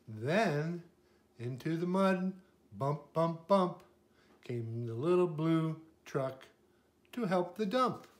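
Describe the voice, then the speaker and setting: Slow, gentle older man reading a picture book. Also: on the high side, lively intonation. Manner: gentle, pauses to point out pictures. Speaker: grandfather reading to a child.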